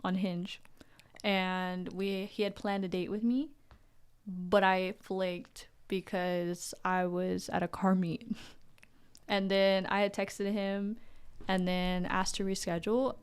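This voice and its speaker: A young woman with a smooth, clean voice answers questions as a podcast guest. She talks casually, rambles with fillers and laughs easily. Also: mid-range voice, level tone, slow pace. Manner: chatty, laughs often, filler-heavy. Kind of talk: casual interview talk.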